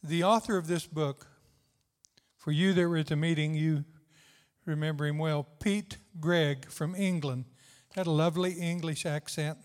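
A man's voice: on the high side, steady tone, a little slow. An older man preaching a sermon with fervent, tender, repetitive emphasis. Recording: long hall reverb.

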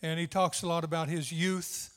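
A man's voice: on the high side, flat delivery, moderate pace, a bit bright. An older man preaching a sermon with fervent, tender, repetitive emphasis. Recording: long hall reverb.

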